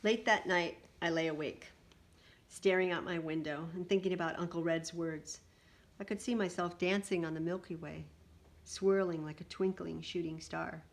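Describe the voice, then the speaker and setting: A woman reading a picture book aloud in an animated way, adding little asides to her listeners. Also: fairly low pitch, normal speed.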